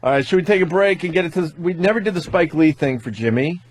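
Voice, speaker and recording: A man's voice: on the high side, animated, fast, darkish tone, poor audio. A man hosting a radio talk show, bantering casually and cracking jokes.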